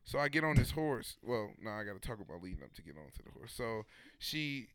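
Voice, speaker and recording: A young man spinning a story for friends in easy chat, his voice smooth and clear. He gets animated and slips into the voices of the people in the tale. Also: on the low side, brisk, no room sound. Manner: animated, laughing, acting out quotes.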